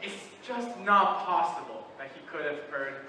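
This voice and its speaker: Brief: teen guy as a patient reasoning juror, bright high voice, long hall echo from afar. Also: very animated, normal speed, exaggerated voice. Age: late teens. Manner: methodical, reasoning aloud, some restarts. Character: calm, persistent male juror reasoning. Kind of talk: stage play performance. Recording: echoey hall from far off, light noise.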